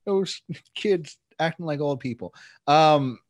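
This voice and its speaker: A man's voice: on the high side, slow pace, no echo. A man hosting a casual podcast chat, loose and profane, often slipping into mock voices. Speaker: podcast host.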